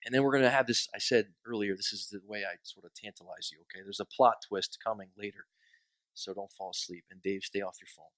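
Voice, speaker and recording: A man's voice: fairly low pitch, fairly even intonation, quick pace, a bit bright, no room sound. A man preaching a sermon in a conversational, joking way, acting out quoted complaints. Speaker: pastor.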